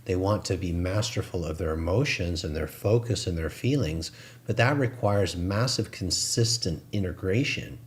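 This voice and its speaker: Deep-voiced man musing on spirituality. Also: moderate pace. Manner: earnest, musing, laughs at himself. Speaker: co-host of a spiritual talk show. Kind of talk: casual spiritual chat.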